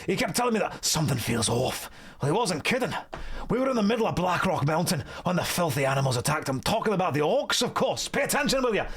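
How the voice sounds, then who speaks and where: A boastful male dwarf spins a rambling tale in a thick Scottish brogue, put on by a man reading game dialogue. The voice sits high and folksy. Lively and eager to impress, he wanders off track as he goes. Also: fast talker, husky, heavily acted.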